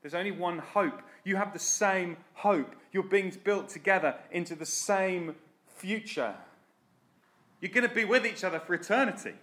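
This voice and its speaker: A man's voice: high-pitched, normal speed, pushed and bright. Guy preaching, earnest and direct, kinda pushy. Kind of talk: sermon.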